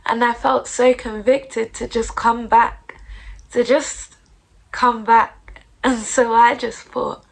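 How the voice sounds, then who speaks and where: A woman's voice: a little high, steady tone, takes it slowly, gravelly, rough recording. A woman hosting a podcast, giving an earnest, heartfelt devotional reflection. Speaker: podcast host.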